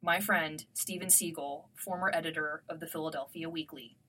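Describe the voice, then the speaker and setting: A woman hosting a podcast, speaking in a brisk, matter-of-fact way. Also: low-pitched, fairly even intonation, pushed and bright. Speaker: podcast host. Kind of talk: conversational podcast discussion.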